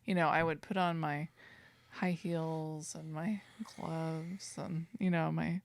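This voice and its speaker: Gravelly low-voiced woman, laughing co-host. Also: flat delivery, slow pace. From Northern California. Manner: laughs often, joking and self-mocking. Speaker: podcast co-host. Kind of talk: casual chat.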